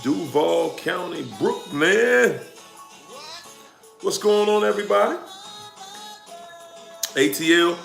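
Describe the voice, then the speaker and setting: A man's voice: high voice, lively intonation, slow pace, vocal fry, long pauses, fairly bright tone. A man with a Washington DC accent hosting a casual livestream, greeting viewers by where they tune in from and drawing out his hype. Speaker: livestream host. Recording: roomy echo with music behind. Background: music playing.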